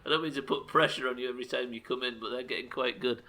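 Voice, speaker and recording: Guy streaming a game, bright voice, chatty, jokes with chat, swears a lot. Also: mid-range voice, rapid-fire. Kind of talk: casual commentary while playing.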